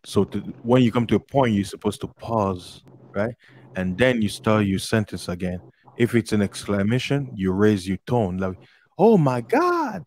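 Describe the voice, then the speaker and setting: A man giving advice in a casual group voice chat, speaking slowly and deliberately in a coaching tone. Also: on the low side, a little mellow, a little hiss or hum.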